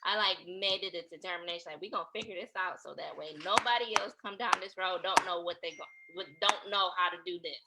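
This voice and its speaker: A woman's voice: lowish voice, fast talker, hardly any pauses, very noisy. A woman co-hosting a podcast, earnestly recounting a hard personal experience in casual chat. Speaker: podcast co-host.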